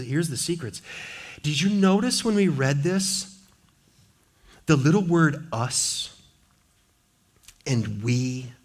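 A pastor preaches in a church, his voice sitting a bit high for a man. He talks in a lively, conversational way and slips into playful quoted asides to his congregation. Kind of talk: sermon. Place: church sanctuary.

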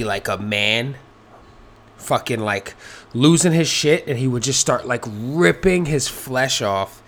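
A man's voice: fairly low pitch, a bit bright, a little hiss or hum. A man hosting a casual solo podcast, rambling and swearing freely, with many fillers and restarts. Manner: rambling, profane, lots of fillers. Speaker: podcast host.

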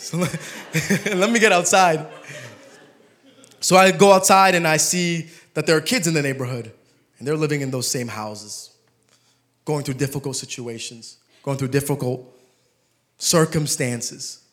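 A young man preaching a sermon, telling stories with humor and turning soft and emotional. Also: fairly high pitch, a little slow, long pauses.

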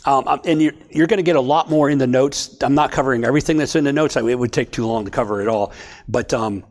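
A man's voice: medium pitch, quick pace. Man, Bible study teacher; casual, chatty delivery to a small group. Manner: conversational, checks in with "okay?".

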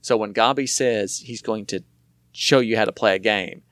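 A man's voice: fairly low pitch, moderate pace, fairly bright tone, dry recording, studio quality. A man in casual conversation, rambling and repeating words as he searches for them. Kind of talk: casual chat.

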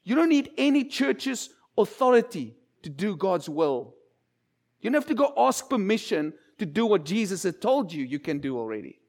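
Guy preaching in church, gravelly voice, swoops up and down a lot. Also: sits high, normal speed. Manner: animated, conversational preaching with acted-out quotes. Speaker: minister. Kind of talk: sermon.

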